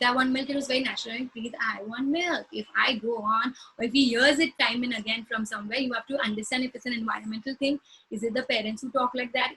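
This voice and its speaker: The speaker, a female speech therapist, answers clinical questions informally, illustrating with examples and voicing short phrases as she'd say them to a child. She has a sharp tone on the high side of the range, and the poor audio has a touch of hiss or hum.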